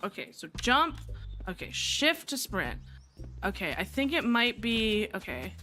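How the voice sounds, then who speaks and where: A young woman streaming a game live, muttering to herself, swearing freely and breaking into sarcastic rants and loud outcries. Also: medium pitch, sing-song, a little slow. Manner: bursts into loud laughing outcries. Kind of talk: live gameplay commentary. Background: faint background music.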